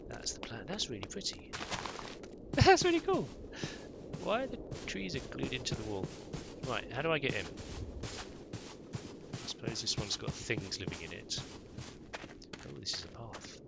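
A man giving relaxed commentary while playing a survival game, wondering aloud and breaking into excited outbursts. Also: lowish voice, normal speed, gravelly, pauses often, heavy background noise. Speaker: gaming YouTuber. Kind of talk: Minecraft let's play commentary.

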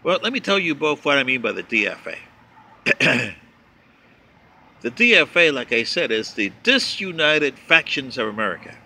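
A man's voice: medium pitch, very animated, normal speed, bright, forceful tone. A man giving a sarcastic, mocking political commentary, reading and answering viewer letters.

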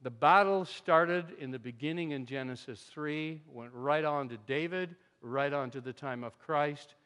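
High-voiced preacher in a reverberant sanctuary. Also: male voice, measured pace, smooth. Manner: animated, conversational preaching with sudden drops to quiet asides. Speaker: pastor. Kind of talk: sermon. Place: church sanctuary. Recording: long hall reverb.

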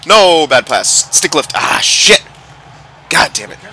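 A young man giving excitable, swearing live commentary while playing a video game. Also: on the high side, slow. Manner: excitable, swears and yells at players. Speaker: gameplay commentator.

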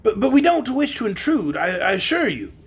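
A man's voice: high voice, sing-song, a little fast, husky, pitched above the performer's own voice, full character voice. A man doing a flustered little old wizard. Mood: polite, puzzled. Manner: politely stammering.

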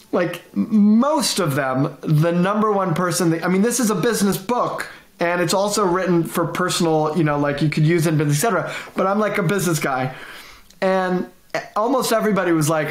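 A middle-aged man, a guest consultant, telling stories in a lively conversational way, acting out quotes and laughing often. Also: high-pitched, echoey room. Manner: animated, repeats and restarts, laughs often, acts out quotes. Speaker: guest, management consultant and author. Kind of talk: conversational interview storytelling.

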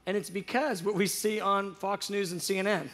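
Guy with a pretty high voice telling a faith story, acts out all the dialogue, keeps restarting. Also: steady tone, normal speed, fairly bright tone. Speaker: guest speaker on prayer show. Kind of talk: storytelling testimony, casual chat.

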